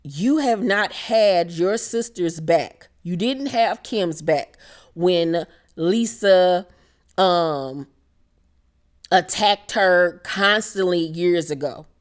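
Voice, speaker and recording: A woman's voice: on the low side, slow pace. A young woman hosting a casual reality TV recap, blunt and emphatic, swearing freely.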